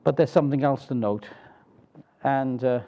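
A man preaching a sermon in a deliberate, emphatic way, often closing points with rhetorical tag questions. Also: mid-range voice, dull audio.

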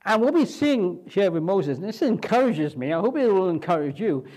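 A man's voice: sits high, very animated, moderate pace, darkish tone. A man pastor preaching a sermon in a conversational way, often asking the congregation rhetorical questions.

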